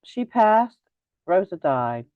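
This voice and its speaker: A woman's voice: on the low side, sing-song, slow, no room sound, highs cut off. A woman co-hosting a live stream, chatting casually with a playful, teasing manner. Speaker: co-host.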